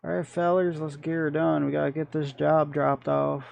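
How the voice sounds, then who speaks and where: A man's voice: a little high, flat delivery, moderate pace, vocal fry, a little mellow, no echo. A man voicing a folksy good old boy trucker with a heavy put-on Southern drawl. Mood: folksy, hearty.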